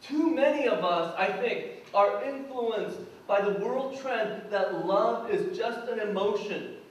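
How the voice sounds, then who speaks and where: High-voiced pastor preaching in an echoey hall. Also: male voice, animated, takes it slowly, distant mic, lo-fi sound. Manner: earnest preaching, acts out prayers and quotes. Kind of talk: sermon. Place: church sanctuary. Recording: echoey church hall, from afar.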